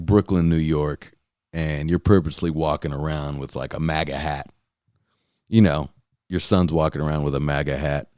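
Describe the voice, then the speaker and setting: In a deep, darkish voice, a man from California hosting a podcast goes on a casual, profanity-laced rant, rambling through many fillers and restarts. The audio is studio quality with no echo.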